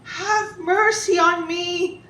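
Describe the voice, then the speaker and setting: A terrified old carpenter, as a woman storyteller puts him on, pleads in a high, shaking voice. He speaks slowly and begs for his life. It sounds roomy and far from the mic, with a faint rumble underneath. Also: steady tone, pushed and bright, exaggerated voice. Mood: begging. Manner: pleading, trembling. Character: frightened poor old male carpenter.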